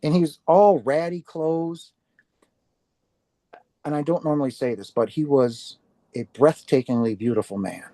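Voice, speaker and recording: A man's voice: on the high side, a little slow, long pauses, warm tone, no room sound. A man giving an earnest personal testimony to an audience about his near-death experience, acting out his own past reactions as he tells it.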